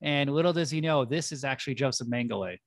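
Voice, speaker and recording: A man's voice: medium pitch, fast, no echo, clean studio sound. A man co-hosting a casual film podcast, spinning absurd comic scenarios. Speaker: podcast co-host. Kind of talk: casual movie-review banter.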